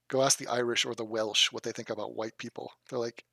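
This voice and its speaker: A man livestreams and riffs on his chat in a crude, mocking way, with plenty of swearing. His voice has a gravelly fry and a bright, forward edge. The sound is dry and close, with no room around it. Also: medium pitch, flat delivery, brisk, no room sound. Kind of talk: casual profane live-stream chat.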